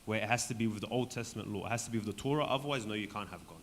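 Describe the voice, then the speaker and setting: Man, Bible study leader, conversational teaching, hoarse voice, long hall reverb, faint noise. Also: fairly low pitch, racing. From Australia. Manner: conversational, keeps asking "right?". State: voice going hoarse, clearing throat. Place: church hall with a group.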